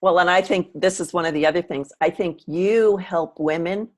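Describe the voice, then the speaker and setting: A woman hosting an interview, talking in a reflective, measured way in casual chat. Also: lowish voice. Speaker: interview host.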